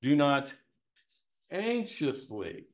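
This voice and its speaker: A man teaching the Bible to a live group in a conversational way, lively and folksy, asking many rhetorical questions with homespun humor. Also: fairly high pitch, extremely slow.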